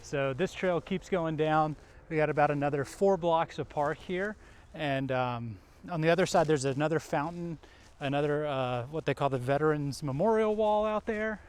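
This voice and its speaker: A man's voice: on the high side, normal speed, clear, resonant tone. A man from around Rock Hill, South Carolina, hosting a casual walking tour vlog outdoors, chatting easily with lots of fillers. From Rock Hill area, South Carolina. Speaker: vlog host, local realtor-style guide. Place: outdoors in a park and shopping plaza.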